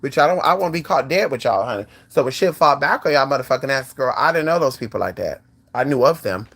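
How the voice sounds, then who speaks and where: A vlog host talks straight to viewers in a loose, sassy way, with a mid-pitched voice that leaps high and drops low. The speech is frank and salty, with "girl" and "honey" tossed in all the time. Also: quick pace, husky. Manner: sassy and animated, swinging pitch often; frank and profane. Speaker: channel host. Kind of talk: casual talk to viewers.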